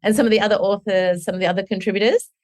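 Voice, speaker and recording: A woman hosting a podcast interview, effusive and quick, with stumbling restarts. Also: mid-range voice, steady tone, a little mellow. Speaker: podcast host. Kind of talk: casual interview chat.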